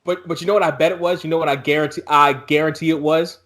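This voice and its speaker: A man co-hosting a podcast, telling profane jokes in animated, casual chat. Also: fairly high pitch, quick pace. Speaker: podcast co-host.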